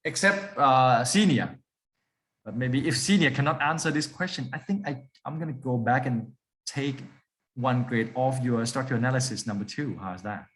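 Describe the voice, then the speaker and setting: A man's voice: mid-range voice, normal speed, a bit bright. A man lecturing a class, often stopping to put questions to the students and repeating key points for emphasis.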